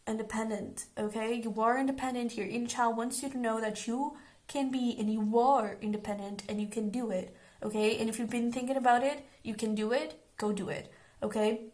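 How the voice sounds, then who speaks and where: A woman's voice: a little high, fairly even intonation, a little fast, a little mellow. A young woman giving a casual pick-a-card tarot reading, earnest and reassuring, often checking in with "okay?". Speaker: tarot reader.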